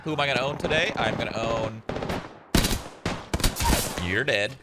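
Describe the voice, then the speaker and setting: A young man streaming a shooter game, reacting with excitable, profane outbursts and shouts as he plays. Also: mid-range voice, moderate pace, very noisy. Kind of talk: live gameplay commentary. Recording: loud game gunfire behind voice. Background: loud in-game gunfire and clicks.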